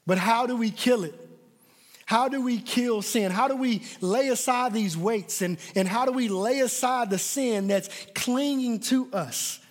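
A man's voice: extremely high pitch, a little slow. A man preaching a sermon, emphatic, often repeating words as he presses his points. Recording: long hall reverb.

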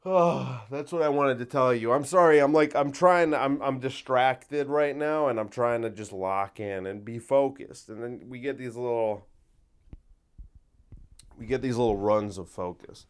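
A man's voice: mid-range voice, a little slow, smooth. A man talking in a casual solo monologue, rambling and wry, often interrupting himself.

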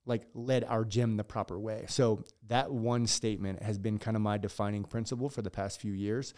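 Male guest, gym owner, reflective and sincere, slightly low voice. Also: steady tone, normal speed, darkish tone. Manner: earnest, reflective. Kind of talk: casual chat.

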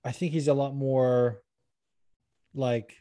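A man's voice: mid-range voice, fairly even intonation, takes it slowly, dark tone, dry recording. A man hosting a casual podcast, rambling with lots of fillers and laughing easily while reading listener questions. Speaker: podcast host.

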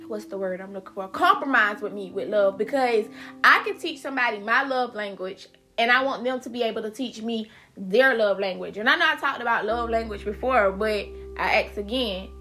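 A woman from South Carolina with a Geechee accent hosts a casual solo podcast in a slightly high, fairly quick, pushed and bright voice. She's chatty and emphatic, repeating words and using slang, with soft music playing in the background.

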